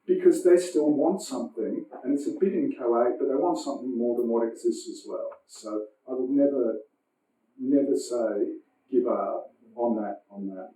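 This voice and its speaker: Man, middle-aged, mellow, restless restarts, roomy hall sound. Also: mid-range voice, moderate pace. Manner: animated, profane, many restarts and fillers. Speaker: philosopher guest. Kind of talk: casual conversational interview. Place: lecture room. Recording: roomy sound from a distant mic.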